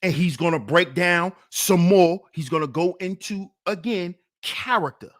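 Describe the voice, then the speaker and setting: Speaking at a measured pace in a voice that sits high, a livestream host delivers preachy, fired-up commentary. He fires off rhetorical questions and lurches between loud challenges and sarcastic mutters.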